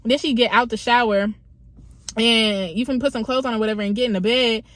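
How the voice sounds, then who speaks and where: A young woman with a slightly high voice tells a story to her viewers. Her delivery is casual, full of slang and swearing. The recording is dry and close. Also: steady tone, brisk, a bit bright, no room sound. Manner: slangy, profane, conversational retelling. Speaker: vlogger.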